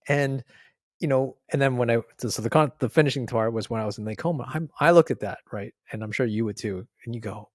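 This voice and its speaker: Canadian man, chatty and animated. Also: medium pitch, fast talker, dry recording, clean studio sound. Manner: animated storyteller, mimics people, laughs often. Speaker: podcast co-host. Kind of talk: casual chat.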